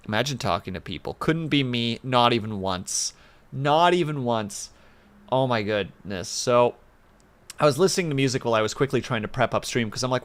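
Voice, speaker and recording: A man's voice: medium pitch, sing-song, normal speed, fairly bright tone. A man chatting casually on a livestream, rambling with playful asides in a home setup with a desk mic. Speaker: streamer. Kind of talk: casual stream chat.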